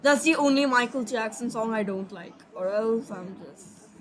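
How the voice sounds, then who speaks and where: A woman's voice: on the high side, moderate pace, low-quality recording. Sleepy, rambling young woman storyteller. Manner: rambling, apologetic, trailing off. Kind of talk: casual fanfic storytelling.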